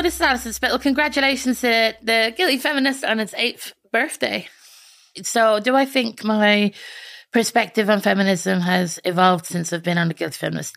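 A woman's voice: mid-range voice, creaky, a bit bright, dry recording. An Irish woman from Ireland leaving a casual recorded message, chatty and self-mocking with dry sarcasm. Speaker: guest.

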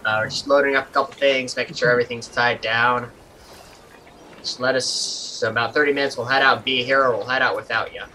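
A man doing a grouchy old-timey boat crewman who grumbles and waves things off. his voice is bright and edgy, pitched at an average level, and it's played for a tabletop game. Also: fairly even intonation, a little fast, slight background noise, close to an everyday voice, low-quality recording. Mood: grumbling. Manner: grumbling, dismissive, folksy. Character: grumpy male sailor, boat crewman.

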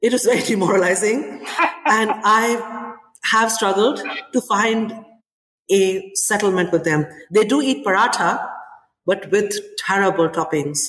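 A woman in her forties, a chef and restaurant owner, talking in an interview in an animated storytelling way with many "you know"s. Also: medium pitch, unhurried. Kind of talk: interview conversation. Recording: echoey room with long reverb.

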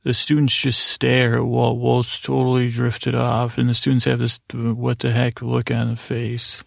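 A man with a heavily gravelly, fry-laden voice meanders through a bedtime story recap, stopping for asides and correcting himself as he goes. His pitch barely moves, staying level and unhurried, and the sound is close and dry. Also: monotone, no room sound. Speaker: sleep podcast host.

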